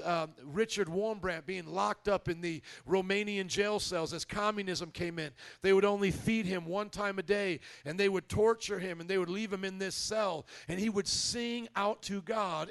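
A male pastor preaching a sermon to his church, emphatic and prompting the congregation to answer back. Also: sits high.

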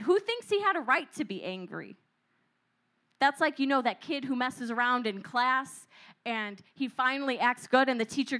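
A young woman preaching a lively youth sermon who acts out voices and asks the crowd questions. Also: high-pitched.

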